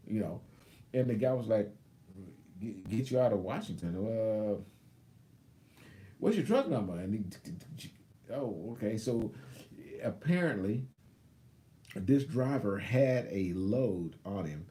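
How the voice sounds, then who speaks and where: A man in his fifties tells a long workplace story in a low voice, casually acting out each person's lines. His tone is mellow and relaxed, and he often stops to back up and start over. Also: unhurried, pauses often. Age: 50s. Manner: rambling, backtracks and restarts, acts out both sides of a story. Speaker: truck driver vlogger. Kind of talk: casual storytelling on a live stream.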